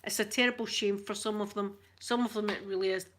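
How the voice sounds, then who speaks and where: Woman, Scottish accent, middle-aged, casual vlog chat, talkative storyteller, medium pitch. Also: fairly even intonation, quick pace, a bit bright, a little hiss or hum. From Scotland. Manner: chatty storyteller, addresses viewers as "yous". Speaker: ASMR vlogger.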